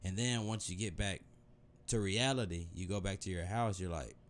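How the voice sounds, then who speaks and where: Man, deep low voice, young adult, casual rambling monologue, loose conversational delivery. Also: normal speed, slight background noise. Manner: meandering, loose and conversational, with many restarts. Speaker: vlogger.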